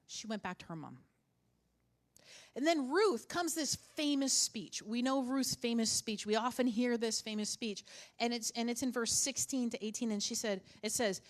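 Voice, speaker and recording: A middle-aged woman pastor preaching with a fairly high voice. She talks to the congregation as if chatting, drops in joking asides, and repeats key lines for emphasis. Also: normal speed. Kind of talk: sermon.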